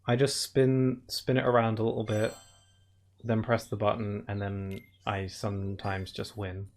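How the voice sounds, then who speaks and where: In a lowish voice with flat delivery and a measured pace, a man offers rambling let's-play commentary while streaming a game, laughing often and filling gaps with "like". There's a little hiss or hum, and faint game music underneath.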